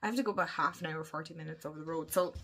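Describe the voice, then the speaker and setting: A woman's voice: sits low, racing, sharp tone. A woman in her thirties with an Irish accent, chatting casually to camera and laughing often as she talks. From Ireland. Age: 30s. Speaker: vlogger. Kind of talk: casual chat.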